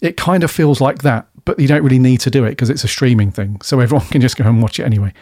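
A man's voice: medium pitch, fast talker, mellow, no echo, clean studio sound. A man co-hosting a casual podcast chat about a TV episode, laid-back and talkative, swearing freely and laughing often. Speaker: podcast co-host reviewing a TV episode.

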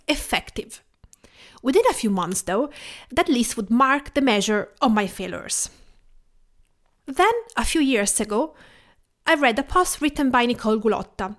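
A woman from Tuscany with an Italian accent, hosting her podcast in a gentle, reflective scripted narration. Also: fairly high pitch. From Tuscany, Italy. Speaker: podcast host.

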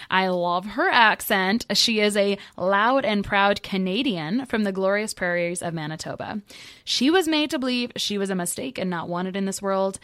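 A woman's voice: medium pitch, a bit bright, no room sound, studio quality. An American woman hosting a podcast interview, chatty and giggly, who wanders into side notes. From United States. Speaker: podcast host. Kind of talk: casual conversational interview.

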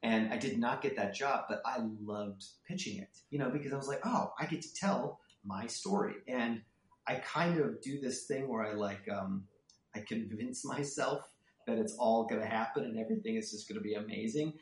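A man guest on a casual interview, telling stories with lively energy and acting out the people in them. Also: mid-range voice, normal speed, reverberant. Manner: animated storyteller who acts out people in his anecdotes. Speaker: author and screenwriter guest.

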